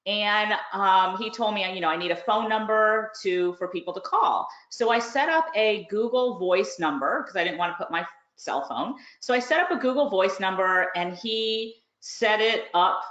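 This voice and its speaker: A woman's voice: mid-range voice, normal speed, hardly any pauses, a bit bright. A woman casually telling a story on a webinar, chatty and laughing, acting out the phone calls she got. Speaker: course reviewer and online business host. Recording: roomy, dull lo-fi webinar audio.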